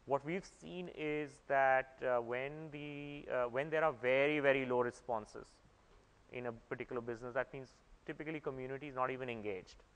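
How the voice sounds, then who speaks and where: Male conference speaker, mid-pitched voice, explains at length and restarts his phrases, heard in an echoey hall. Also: normal speed, a bit bright, smooth. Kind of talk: conference talk.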